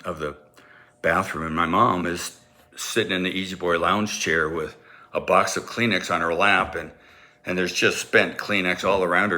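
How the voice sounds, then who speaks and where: A man telling a comic personal story in an animated way, acting out sounds and voices. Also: low voice.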